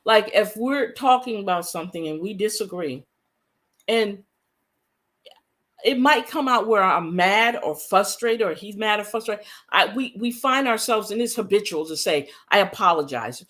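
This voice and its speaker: A woman's voice: mid-range voice, lively intonation, normal speed, a bit bright. A woman vlogger speaking earnestly in a casual, conversational way, repeating her points for emphasis and using folksy phrasing with frequent fillers. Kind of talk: casual talk to camera.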